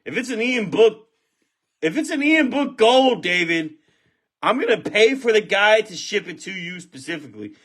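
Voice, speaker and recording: Loud, swearing male box break host, high and bright voice, swings wildly in pitch, bursts into shouts. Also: moderate pace. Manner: excitable, profane, shouts at big pulls. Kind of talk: live box break stream commentary.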